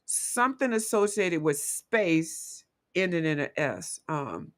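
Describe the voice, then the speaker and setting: A woman hosting a casual livestream, chatting playfully with viewers and quick to laugh. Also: fairly low pitch, very animated. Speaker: livestream host.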